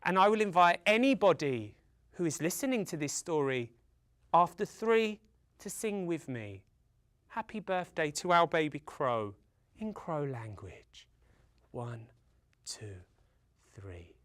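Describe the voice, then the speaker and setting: Animated, slow-paced male storyteller. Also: a little high, no echo, clean studio sound. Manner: theatrical, with dramatic pauses and sound effects. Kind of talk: folktale storytelling for children.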